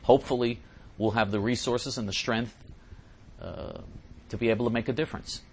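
A man's voice: medium pitch, fairly even intonation, normal speed, darkish tone, breathy edge. A male talk show host answering listener letters in an emphatic, repetitive way.

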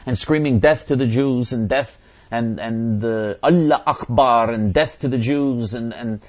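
A male talk show host answers listener messages at a middling pitch. He rambles through them with restarts and sarcastic asides. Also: measured pace, a little mellow.

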